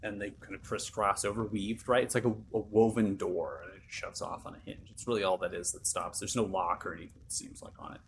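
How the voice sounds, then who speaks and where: A game master running a tabletop game, describing scenes in a loose, animated way. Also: deep voice, a little fast, few pauses, slight background noise.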